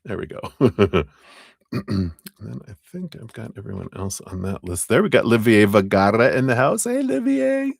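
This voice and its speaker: A man with a deep, low voice hosts a live tarot stream and talks in a chatty, upbeat way. His pitch swings widely as he greets and thanks viewers, and he laughs often. The sound is dry and close, with little room echo. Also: lively intonation, moderate pace, vocal fry, slightly rough. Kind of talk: casual live-stream shout-outs to viewers.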